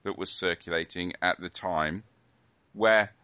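A man's voice: low-pitched, a little slow, bright, forceful tone, smooth, no room sound. Wry man hosting a podcast. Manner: wry, joking, rambling with fillers. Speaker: podcast host. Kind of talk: casual podcast chat.

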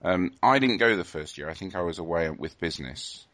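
A male podcast host with a lowish but bright, forceful voice. His pitch swings a lot as he chats, and he keeps the talk casual and playful, teasing his guest and laughing easily. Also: animated, brisk.

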